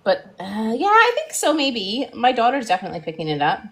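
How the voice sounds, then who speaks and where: On a relaxed painting livestream, a Canadian woman talks a little fast in a voice on the high side. She's chatty, frequently laughing, and full of lively teasing as she guides viewers.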